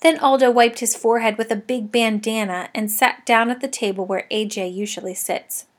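A woman reading a children's storybook aloud in the first person. Her voice sits a little high, and her delivery is lively and expressive, built for young listeners. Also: moderate pace. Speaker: audiobook narrator.

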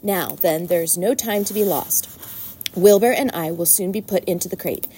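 A woman doing a soft, clever spider. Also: fairly low pitch, normal speed, a little hiss or hum, natural voice. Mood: calm. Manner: soft, composed. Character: calm, clever female spider.

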